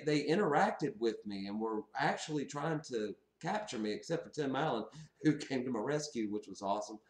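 Animated man telling a story in an echoey room. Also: mid-range voice. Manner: animated, laughs often while recounting. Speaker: channel host. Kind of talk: casual storytelling to camera.

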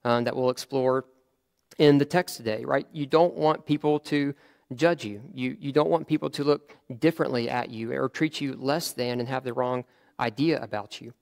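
A man's voice: medium pitch, moderate pace, gravelly, a little mellow. A man preaching a sermon in a conversational way, often restarting his phrases and adding fillers.

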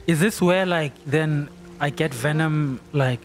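A man playing a video game and reacting out loud, excitable and exclaiming at the screen. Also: on the high side, a little slow. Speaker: gamer. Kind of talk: let's play reactions. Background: game sound and music.

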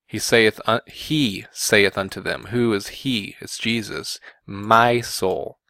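A man giving combative Bible commentary, often pausing on "okay" and "you know" to press his point. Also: fairly low pitch, creaky, sharp tone, no echo. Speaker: religious video commentator.

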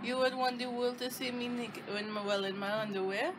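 A woman's voice: on the high side, steady tone, a little fast, background noise. A woman co-hosting a casual home vlog, teasing her partner and laughing often, recorded at home in bed. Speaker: vlog co-host.

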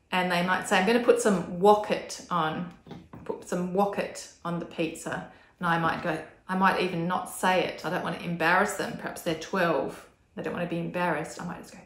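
In an echoey room, a woman with a lowish, slightly bright voice walks through speech pathology techniques for an instructional video. She models each sound with deliberate, exaggerated articulation.

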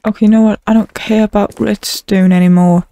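A woman's voice: medium pitch, fairly even intonation, fairly quick, mellow. A woman gaming YouTuber giving dramatic, exclaiming commentary on her own Minecraft play, groaning and swearing when things go wrong. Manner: swears in frustration.

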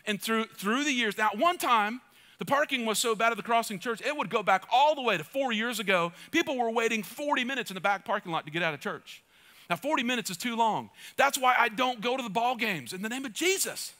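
A man's voice: very high voice, expressive, brisk, bright, forceful tone. A male pastor preaching a sermon with energy, joking asides and calls to the congregation. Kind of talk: church sermon.

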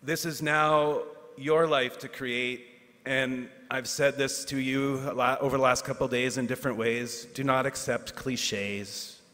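A man's voice: mid-range voice, fairly even intonation, pushed and bright. Male teacher in an echoing hall. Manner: earnest, self-deprecating, with asides and pauses for effect. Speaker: teacher giving a graduation speech. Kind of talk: ceremonial speech. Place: large hall at a ceremony. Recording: hall reverb.

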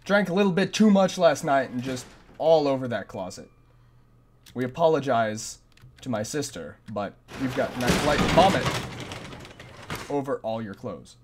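In this let's play, a gameplay commentator with a medium-pitched, animated voice talks at a moderate pace with long pauses, panicking through a horror game, mocking himself and repeating lines. A little hiss or hum sits under the audio.

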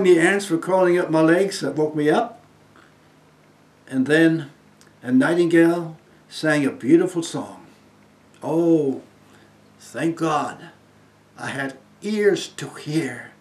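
A German man in his eighties, a guest speaker, gives an earnest, inspirational testimony in an echoey room. His voice sits on the high side and swings between loud emphasis and soft, hushed phrases.

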